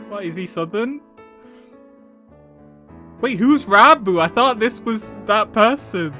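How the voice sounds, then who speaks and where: Bright-voiced man joking through a game. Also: sits high, lively intonation, faint music behind. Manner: joking, laughs often, quick asides. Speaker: streamer. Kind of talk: casual live game commentary.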